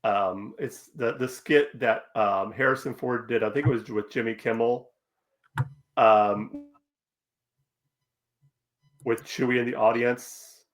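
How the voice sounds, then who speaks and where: A man's voice: mid-range voice, fairly even intonation, slow pace, pauses often. A man co-hosting a casual podcast discussion, hesitant and searching for words as he talks. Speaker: podcast co-host.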